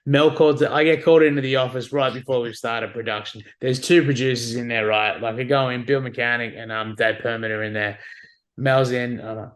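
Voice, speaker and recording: A man's voice: mid-range voice, fairly even intonation, a little fast. A man, a podcast guest, telling stories casually and animatedly, swearing and acting out the dialogue. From Australia. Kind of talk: casual storytelling.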